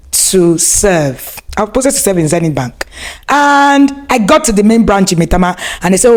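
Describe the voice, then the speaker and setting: A Nigerian woman in her forties tells a story on a podcast. Her pitch swoops up and down, she laughs often, and she acts out the voices of the people in her tale. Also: darkish tone. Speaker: guest, wife telling how the couple met.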